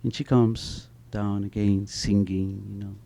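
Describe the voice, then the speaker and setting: A middle-aged man with a fairly low, mellow voice talks unhurriedly in a level tone, touched by vocal fry. His panel storytelling at an author event is animated, marked by frequent restarts and a habitual "you know."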